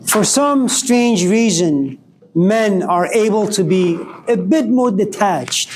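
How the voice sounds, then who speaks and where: A man delivers a philosophy lecture in a high voice for a man. He keeps posing provocative rhetorical questions. A faint noise sits behind him. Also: animated, takes it slowly, darkish tone, low-quality recording.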